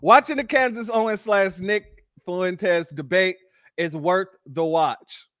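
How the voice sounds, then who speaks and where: A man's voice: high-pitched, slow pace, fairly bright tone, no room sound, clean studio sound. A man hosting a reaction commentary, chatty and often laughing, talking to his audience as family. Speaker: host.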